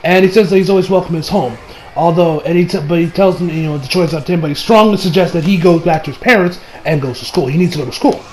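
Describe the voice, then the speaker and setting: The recording is rough, and the speaker talks fast in a voice on the high side. He's a young adult American recapping an anime episode casually and profanely, rambling with many fillers and restarts.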